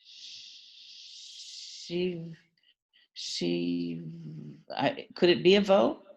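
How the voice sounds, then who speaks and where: Woman, student, lowish pitch, creaky, very slow, hesitant, sounding out syllables. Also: steady tone, poor audio. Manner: hesitant, sounding out words slowly.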